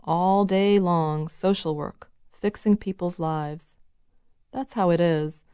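Woman reading as a gruff, barking older father. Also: on the low side, takes it slowly, warm tone, no room sound, studio quality. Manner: barking, sardonic.

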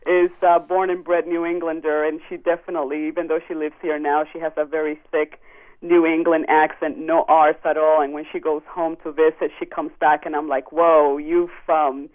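A woman's voice: low-pitched, flat delivery, normal speed. A woman from the Dominican Republic, a native Spanish speaker, calling in to a radio show and chatting with lots of ums. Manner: chatty, frequent ums and laughs. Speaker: caller. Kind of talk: casual call-in chat. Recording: tinny phone line.

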